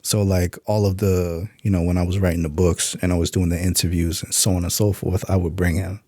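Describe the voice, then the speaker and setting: A man's voice: low-pitched, little pitch movement, a little fast, mellow, no room sound, clean studio sound. A middle-aged man, an author, telling stories in a laid-back casual interview. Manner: laid-back, acts out quoted voices in stories. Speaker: author and podcast guest.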